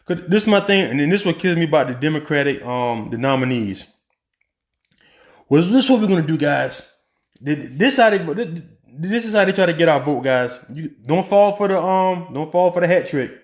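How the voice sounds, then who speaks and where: A man with a high voice delivers a casual opinion monologue in an echoey room. He talks in an animated way, fires off rhetorical questions and restarts his sentences, filling the gaps with ums. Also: fairly quick. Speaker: political commentary podcaster.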